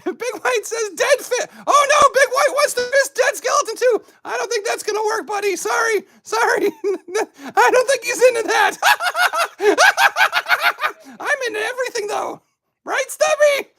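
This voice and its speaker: Shrill, rowdy skeleton host for a puppet comedy show, loud and giggly, played by a woman. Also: expressive, unhurried, heavily acted.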